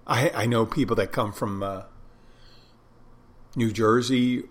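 Speaking slowly and steadily in a lowish voice, a man rambles through a casual monologue. He keeps interrupting himself and starting sentences over, thinking aloud in a conversational way.

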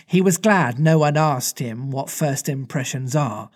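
A man's voice: medium pitch, unhurried. A man reading a storybook aloud in a playful manner, breaking off for casual chat. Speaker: reader and co-host.

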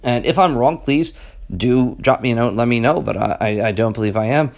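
A man's voice: medium pitch, a little fast, darkish tone. Rambling middle-aged man musing aloud. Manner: rambling and conversational, peppers talk with "okay?" and "you know"; emphatic rhetorical questions. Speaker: vlogger. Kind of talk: casual off-the-cuff monologue.

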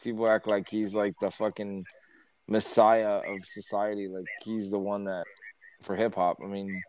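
A man co-hosting a podcast, animated and profane, acting out quotes in casual chat. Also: fairly low pitch, normal speed. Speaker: podcast co-host.

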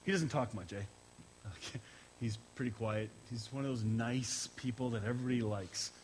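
Middle-aged male pastor, halting, emotional, personal sermon delivery to a church audience, average pitch. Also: slight background noise, rough recording. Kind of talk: conversational sermon with opening prayer. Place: church service, streamed live.

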